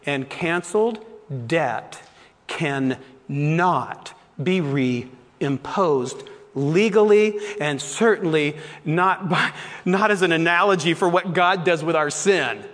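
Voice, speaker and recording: High-voiced man preaching in a reverberant hall. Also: slow pace. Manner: animated preaching, reading scripture with voiced lines and asides. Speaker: pastor. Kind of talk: sermon.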